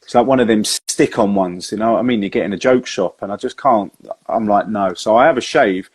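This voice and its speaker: A man's voice: fairly low pitch, brisk, slightly rough, no echo. A man hosting a casual chat, matey and informal in his manner. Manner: matey, informal, says mate a lot. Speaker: host.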